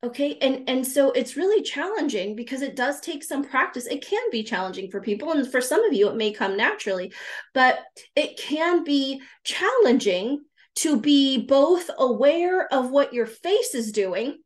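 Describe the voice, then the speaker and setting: A woman's voice: high voice, very animated, moderate pace. Earnest woman speaking to a live audience. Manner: earnest, repeats words for emphasis, greets viewers mid-talk. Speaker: grief recovery specialist. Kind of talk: live-streamed talk to viewers.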